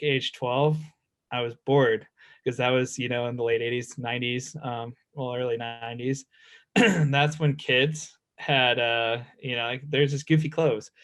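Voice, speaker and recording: A man's voice: mid-range voice, a bit bright. A man in his thirties, a professional snowboarder guest, telling stories in a laid-back, rambling way with lots of fillers. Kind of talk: casual storytelling chat.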